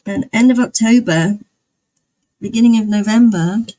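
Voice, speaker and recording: A woman's voice: mid-range voice, normal speed, warm tone. A woman live streamer chatting casually with her viewers, rambling and often laughing. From outside the United States.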